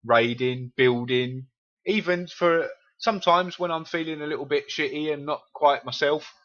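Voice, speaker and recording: A man's voice: on the high side, normal speed, fairly bright tone, lo-fi sound. A man from East London with a Cockney accent, chatting casually and swearing freely with viewers while streaming a game. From England.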